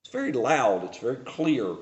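A man preaching a sermon, reading scripture aloud and explaining it with deliberate pauses. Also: medium pitch, sing-song, lo-fi sound. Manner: slow, deliberate preaching with dramatic pauses and swings in loudness; reads scripture aloud in a raised, declaiming voice.

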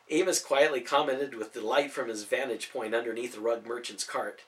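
A man narrating a storybook audiobook in an expressive, animated reading. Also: medium pitch, normal speed.

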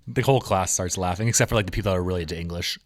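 Fast-talking man chiming in, dry sound. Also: deep voice, dry recording. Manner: quick, chiming in, swearing. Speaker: podcast co-host. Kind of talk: casual comedic chat.

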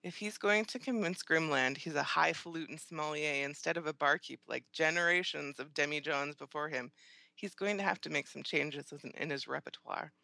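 A woman's voice: low-pitched, normal speed, gravelly, bright, forceful tone, no echo. A woman narrating a first-person audiobook in an acerbic, scornful, theatrical manner.

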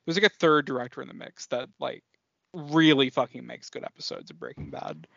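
A man co-hosting a casual film podcast, excitable, swearing often and trailing off mid-sentence. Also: mid-range voice, fairly quick, vocal fry, crowd noise. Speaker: podcast co-host. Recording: dull lo-fi podcast audio.

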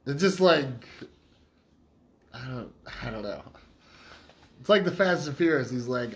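A man's voice: mid-range voice, expressive, a little slow, long pauses. Sarcastic laughing podcast guy. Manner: laughing, sarcastic, mocking impressions. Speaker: podcast co-host. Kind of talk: casual movie-rant chat.

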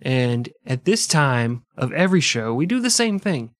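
A man's voice: medium pitch, normal speed, dry recording, studio quality. A man co-hosting a comedy history podcast, joking and swearing in casual chat. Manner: profane, joking, animated. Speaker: podcast co-host.

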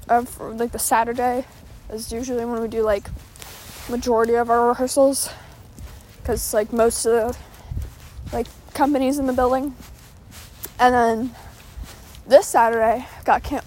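A woman's voice: fairly high pitch, a little mellow. A teenage girl rambling casually in a vlog while walking her dog outdoors, chatty and easily distracted, talking into her phone. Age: teens. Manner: chatty, distracted, quick asides and fillers. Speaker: vlogger. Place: outdoors on a walk.

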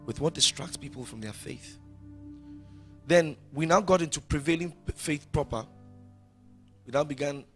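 A man preaching a sermon as pastor, rising loud and then dropping to quiet. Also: mid-range voice.

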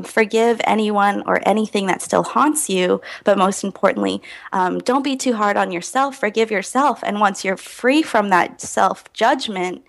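An earnest woman guest on a podcast, reflective and full of little ums as she tells her stories. Her mid-pitched voice has a lot of vocal fry. She talks in a warm, sincere way. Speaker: guest, health researcher. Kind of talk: podcast interview.

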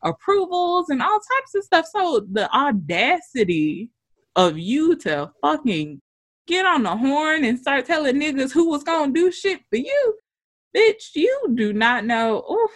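Animated woman telling a story. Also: sits high, unhurried. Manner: animated storytelling, swearing, acting out quotes. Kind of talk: casual chat.

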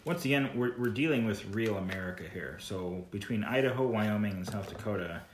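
A man's voice: fairly low pitch, fairly quick, slight background noise. A young man from California chatting casually as a podcast host, rambling and restarting his sentences. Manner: rambling, repeats words, restarts often. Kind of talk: casual chat. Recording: echoey room.

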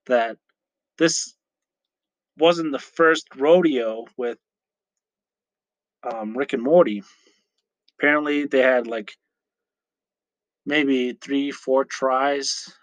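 Slow-talking man with a dry podcast mic. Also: mid-range voice, no echo. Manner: rambling, chatty, self-correcting with frequent fillers. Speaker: podcast host. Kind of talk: casual solo podcast chat.

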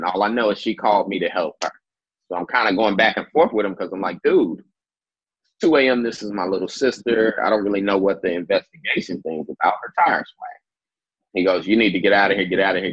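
A man with a very low, husky voice tells a story in a casual interview, acting out quotes and swearing freely. The recording is dry and a little dull. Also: sharp tone, dry recording. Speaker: interview guest. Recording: dull lo-fi sound.

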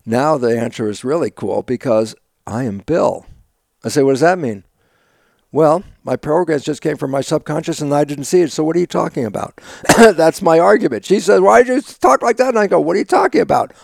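An older man, an interview guest, telling stories with lively acted-out dialogue, sudden loud bursts and frequent laughs. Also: fairly high pitch, fairly quick, vocal fry, no echo, clean studio sound. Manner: laughs often while talking. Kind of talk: animated conversational storytelling.

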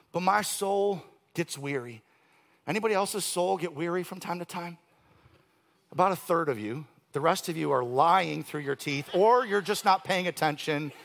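High, gravelly-voiced male pastor preaching. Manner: emphatic preaching, swinging from loud to hushed; conversational asides and dry humor. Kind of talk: sermon.

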